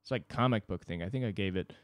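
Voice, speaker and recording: A man's voice: on the low side, fast talker, no echo, studio quality. A man hosting a solo podcast, ranting casually and profanely at a microphone. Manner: casual, profane, rambling rant. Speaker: podcast host. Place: indoors, mowing heard outside.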